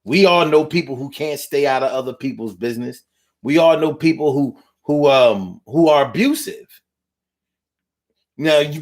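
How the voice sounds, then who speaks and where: A man hosting a casual livestream talk, ranting bluntly and profanely in slangy street talk while reading viewer comments. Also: on the high side. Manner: blunt, profane, preachy rant.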